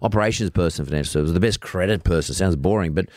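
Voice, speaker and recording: A man's voice: low voice, very fast, a little mellow, no room sound, clean studio sound. A man hosting an interview, asking rambling questions that he restarts often. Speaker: host.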